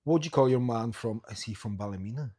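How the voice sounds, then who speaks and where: A man's voice: mid-range voice, quick pace, mellow. A man hosting a podcast, chatting casually, swearing freely and telling rambling stories. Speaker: podcast host. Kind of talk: casual chat.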